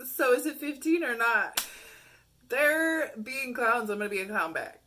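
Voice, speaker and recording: A woman's voice: medium pitch, very animated, moderate pace, sharp tone. A young woman vlogging casually, telling frank, profane stories and mocking messages with bursts of laughter. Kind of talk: casual storytelling to camera.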